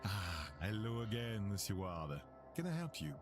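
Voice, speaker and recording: A grave French scholar with a French accent, speaking in a very low, measured and solemn voice. He is stern but humane, weighing every word in a voiced mystery game. Soft music plays faintly behind him. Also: big pitch swings, slightly rough. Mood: polite. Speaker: game character.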